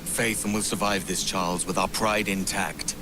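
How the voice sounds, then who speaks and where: An actor playing a brash young pirate captain with a Welsh accent, cocky and scheming. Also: male voice, low voice, steady tone, moderate pace, close to an everyday voice. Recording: noisy game audio.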